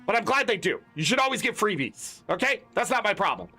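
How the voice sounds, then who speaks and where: Exasperated high-voiced male gaming ranter. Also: big pitch swings, fairly quick, pushed and bright, slightly rough, faint music behind. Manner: exasperated, swearing, emphatic. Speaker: gaming content creator. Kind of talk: ranting commentary.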